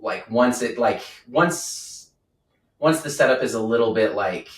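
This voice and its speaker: A man's voice: medium pitch, expressive, a little slow. A man playing a tabletop game, talking in a hesitant, rambling way. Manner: rambling, hesitant, lots of fillers. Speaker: player. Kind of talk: casual tabletop play. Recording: echoey room, mic far off.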